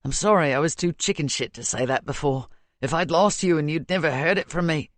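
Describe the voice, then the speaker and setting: A woman narrator lowering her voice to play an intense, protective rugby player in an audiobook. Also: a little fast, no room sound, lightly acted. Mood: anguished. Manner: low, rough lowered voice. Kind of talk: audiobook character voice.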